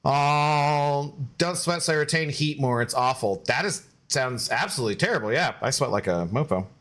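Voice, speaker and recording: A man's voice: on the high side, animated, normal speed, fairly bright tone. A man streaming a game and chatting loosely with viewers, laughing often and swearing casually.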